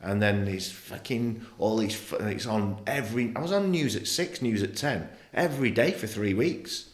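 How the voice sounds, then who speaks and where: Blunt, swearing man, lowish voice. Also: normal speed, roomy sound. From England. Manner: blunt, swears often, animated storytelling. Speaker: podcast guest. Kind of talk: candid interview conversation.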